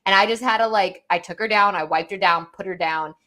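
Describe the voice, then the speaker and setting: A woman's voice: mid-range voice, fairly quick, sharp tone. A young woman co-hosting a casual podcast, telling a parenting story with many "like"s and quoted lines. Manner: storytelling, quoting her toddler with lots of "like". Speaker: podcast co-host. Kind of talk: casual chat.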